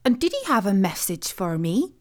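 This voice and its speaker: A woman's voice: mid-range voice, sing-song, moderate pace, lightly acted. A woman voicing a kind-hearted, gullible farm wife in a storybook tale, talking in eager exclamations.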